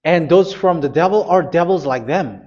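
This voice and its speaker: A man preaching a sermon, insistent and repetitive, often pausing with hesitations. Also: a little high, lively intonation, darkish tone. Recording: dull lo-fi recording.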